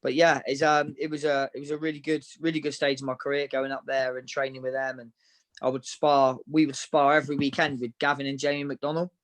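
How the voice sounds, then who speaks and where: A man's voice: medium pitch, flat delivery, brisk, fairly bright tone. Frank man telling stories. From Devon, England. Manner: frank, anecdotal, matter-of-fact. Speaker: professional boxer, interview guest. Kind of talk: casual interview storytelling.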